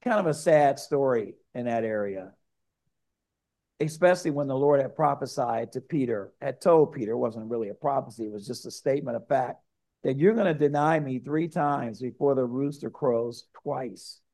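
A male pastor preaching a sermon, telling a story in a lively way and speaking straight to the congregation. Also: mid-range voice, normal speed.

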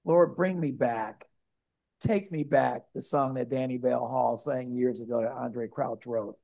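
A man's voice: mid-range voice, steady tone, unhurried, creaky, mellow. A male pastor preaching a sermon, building to emphatic, repeated outbursts.

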